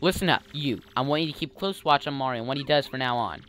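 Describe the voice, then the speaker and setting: Woman doing a scheming villain sorcerer, low and cold, barking orders with clipped authority in a game. Nothing cartoonish about it, just a flat, icy boss giving commands. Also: fast talker, slight background noise. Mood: commanding.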